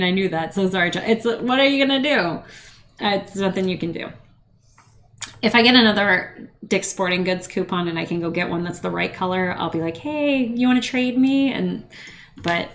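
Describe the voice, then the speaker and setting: A woman's voice: mid-range voice, fairly bright tone. A middle-aged woman hosting a podcast, chatting casually and wryly, rambling with asides. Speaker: podcast host. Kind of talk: casual chat.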